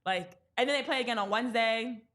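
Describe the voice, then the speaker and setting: A woman's voice: fairly high pitch, quick pace, a bit bright. A woman co-hosting a casual sports podcast, talking emphatically with exasperated rhetorical questions. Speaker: podcast co-host.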